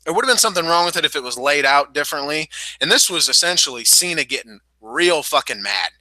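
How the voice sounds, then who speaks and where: A man with a fairly high, very bright and forceful voice co-hosts a podcast, talking bluntly and swearing freely while he teases his partner. The sound is dry and close, with no room around it. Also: animated, fast talker, no room sound, low-quality recording. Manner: blunt, profane, teasing. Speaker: podcast co-host. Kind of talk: casual chat.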